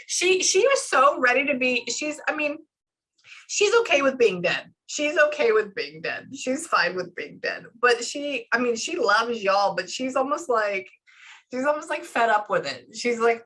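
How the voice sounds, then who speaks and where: Bright-voiced chatty woman. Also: medium pitch, animated, poor audio. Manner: chatty, relaying messages in quick bursts. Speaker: medium. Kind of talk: casual reading session with clients.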